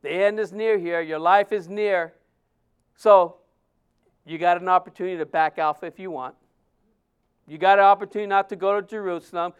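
A man preaching voices the Holy Spirit as a calm, measured male speaker. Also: sits high, clear, resonant tone, natural voice. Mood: solemn.

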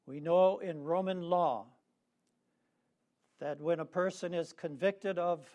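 Slow, emphatic male preacher. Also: a little high, a little mellow. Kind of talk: sermon.

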